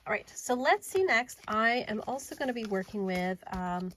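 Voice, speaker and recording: Woman doing a casual tarot deck show-and-tell, chatty and excited, goes quiet and murmury at times, little bit of hiss behind. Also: a little high, normal speed, rough recording. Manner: chatty and enthusiastic, drifting to soft murmurs while handling cards. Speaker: tarot reader and deck reviewer.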